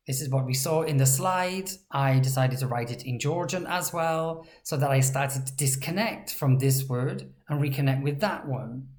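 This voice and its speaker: A woman teaching a language lesson in a relaxed, chatty way, with playful asides and sounds spelled out slowly. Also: sits low.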